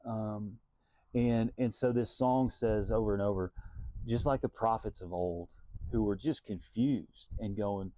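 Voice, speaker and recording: A man's voice: on the low side, unhurried, dark tone, no echo. A man, a Christian singer-songwriter, giving an earnest, reflective devotional talk and thinking aloud as he goes.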